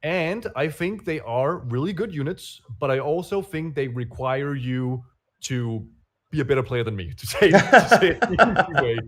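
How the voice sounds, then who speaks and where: A man talking as a guest on a casual livestream, hesitant and self-deprecating, with frequent fillers and restarts. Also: on the high side. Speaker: guest player.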